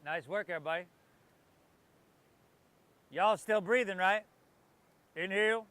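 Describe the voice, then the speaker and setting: A man's voice: high voice, measured pace, fairly bright tone, no echo. A man leading a guided yoga class outdoors, calling breath cues with playful joking asides. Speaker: yoga instructor. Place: outdoors by the ocean.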